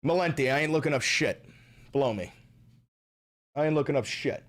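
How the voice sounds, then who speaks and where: A man ranting loudly and profanely while chatting on a live stream. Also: fairly high pitch, moderate pace. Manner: loud, animated, profane, ranting.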